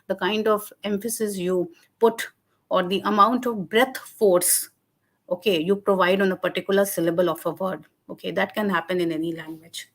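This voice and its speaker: A woman's voice: mid-range voice, fairly even intonation, normal speed. Woman, Indian English accent, guest lecturer taking Q&A on a video call; patient and explanatory, with frequent fillers and self-corrections. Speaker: webinar guest speaker on linguistics. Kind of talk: answering audience questions in a webinar.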